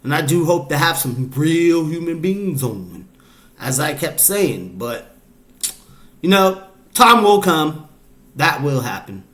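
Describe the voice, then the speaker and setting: Man, podcast host, slightly high pitch, casual rambling chat, filler-heavy. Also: sing-song, takes it slowly, fairly bright tone. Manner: rambling, loose, full of fillers and restarts.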